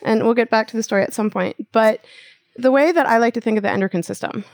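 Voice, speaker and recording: Lively woman telling her story. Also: on the high side, quick pace, no room sound. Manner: animated storyteller, explains with analogies. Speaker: acupuncturist guest. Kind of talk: casual interview conversation.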